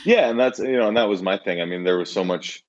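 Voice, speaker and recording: Male co-host, very low voice, rambling and hesitant, slightly muffled lo-fi recording. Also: fast talker. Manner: rambling, hesitant, many restarts. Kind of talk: casual recovery talk. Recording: dull lo-fi sound.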